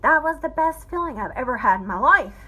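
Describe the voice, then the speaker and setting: A woman's voice: high voice, expressive, a little fast, bright, forceful tone. A woman giving an emotional personal testimony, fighting back tears as she speaks. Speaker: vlogger telling a family story.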